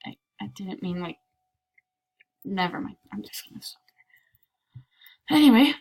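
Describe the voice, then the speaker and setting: A woman's voice: medium pitch, lively intonation, moderate pace, vocal fry, darkish tone, husky. A slightly sick woman chatting playfully through a casual gameplay commentary, slipping into whispered asides. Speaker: gameplay video creator.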